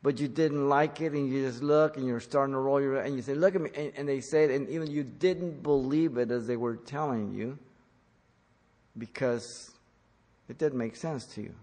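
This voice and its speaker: A man's voice: mid-range voice, steady tone, normal speed, darkish tone, big-room sound. A man preaching an earnest sermon, speaking as a pastor who repeats key points for emphasis.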